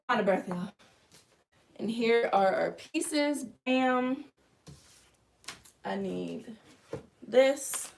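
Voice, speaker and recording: A woman hosting a casual live stream from her living room, chatting straight to her viewers and explaining each step as she makes merch. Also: medium pitch. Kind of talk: casual live chat while crafting.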